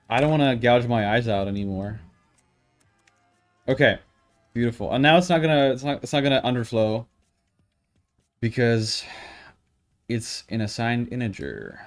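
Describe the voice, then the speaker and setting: Over the sound of typing and quiet music, a man streaming his programming mutters, curses, and grumbles in exasperation as he works. His medium-pitched voice has lively intonation and a moderate pace, broken by long pauses. The whole thing is a casual talk-aloud coding session.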